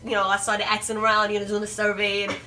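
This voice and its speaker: A woman's voice: medium pitch, monotone, quick pace, sharp tone, recorded from a distance. A woman comedian telling her own story in casual chat, wry and self-mocking.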